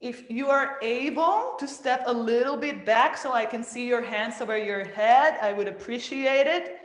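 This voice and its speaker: A woman teaching a dance class, cueing moves and counting out loud as she demonstrates. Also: fairly high pitch, moderate pace, reverberant. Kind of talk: live online dance class instruction.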